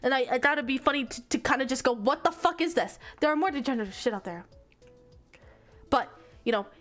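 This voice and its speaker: A woman streaming in a casual, exasperated rant, cursing freely as she talks. Her voice is high for a woman, and soft music plays faintly behind her. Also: fast. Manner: exasperated, swears a lot.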